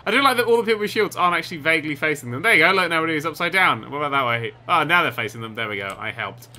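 A man commentating over a video game he is playing, excitable and sarcastic, swearing often. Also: on the high side, racing. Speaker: gaming commentator. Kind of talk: let's play commentary.

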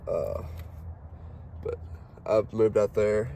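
Southern guy in his 20s, low mellow voice, rambly and folksy, outdoors with faint noise behind. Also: extremely slow, vocal fry. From Mississippi. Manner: rambling, folksy, hesitant with many fillers. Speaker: hunting guide. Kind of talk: casual talk while cleaning a duck.

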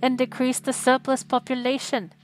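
A woman's voice: high voice, completely flat delivery, soft background music, natural voice. A woman reading as a stern Christmas ghost. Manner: solemn, slow rebuke.

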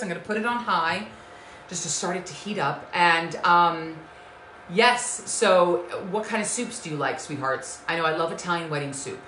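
A woman with a low-pitched but bright, forceful voice hosts a live-stream cooking show from her home kitchen. She talks in an effusive, gushing way, greeting viewers by name and calling them sweetheart. The sound is echoey, bouncing off the kitchen walls. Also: a little hiss or hum.

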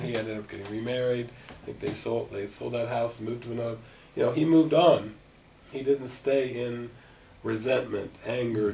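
A man's voice: mid-range voice, creaky. A middle-aged man giving a spiritual talk to a gathering, telling stories and acting out conversations. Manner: animated storyteller, acting out dialogue. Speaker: spiritual teacher. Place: meeting room at a gathering. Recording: distant mic with faint noise.

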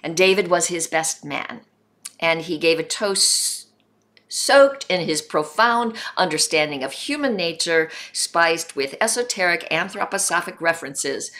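Slow, bright-voiced woman host. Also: lowish voice, animated. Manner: unhurried, with frequent ums and soft trailing asides. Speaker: online memorial host. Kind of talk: hosting a video call memorial, reading tributes aloud. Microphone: video call microphone.

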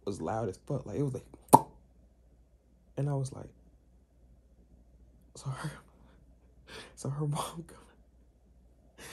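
Here a young vlogger with a mid-range, slightly rough voice and vocal fry narrates a casual story to camera. He leans hard on slang and acts out what the others said with plenty of energy.

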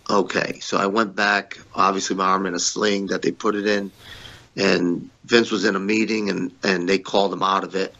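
A man's voice: lowish voice, pushed and bright, lo-fi sound. A middle-aged man, a former pro wrestler, telling blunt, profane backstage stories in a shoot interview, acting out both sides of old arguments.

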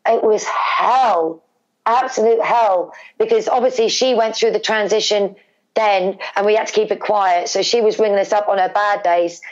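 A middle-aged Englishwoman, speaking briskly in a mid-range voice, shares an emotional family story as an interview guest. She's animated, repeating words and acting out what family members said, though the recording is muffled.

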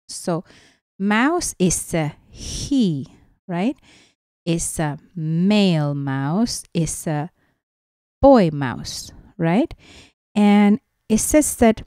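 A woman's voice: mid-range voice, expressive, very slow, dark tone, no echo, studio quality. A woman teacher reading a picture book aloud to children, coaxing them with little questions. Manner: questioning, coaxing, slips into asides.

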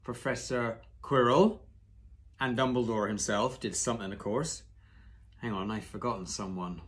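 A man reading aloud and voicing a big, gruff gamekeeper who is proud and secretive, speaking firmly and with emphasis. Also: lowish voice, steady tone, moderate pace, a bit bright, lightly acted.

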